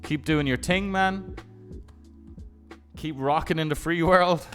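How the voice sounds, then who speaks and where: High-voiced man rambling on stream. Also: slow pace, a bit bright, smooth, soft background music. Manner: rambling, profane storytelling with many restarts. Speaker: live streamer. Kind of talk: casual chat.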